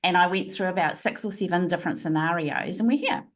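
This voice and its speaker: A woman's voice: lowish voice, fast. A woman guest on a podcast interview, telling stories expressively with frequent laughter, speaking over a remote call. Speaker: guest, leadership trainer.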